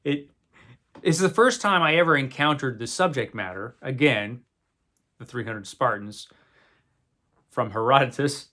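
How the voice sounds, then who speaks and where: A man's voice: medium pitch, a little slow, long pauses, bright, forceful tone. A man hosting a video, casually talking through films he likes with wry, rambling asides and frequent self-corrections. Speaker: video host reviewing movies. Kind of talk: casual unscripted talk to camera.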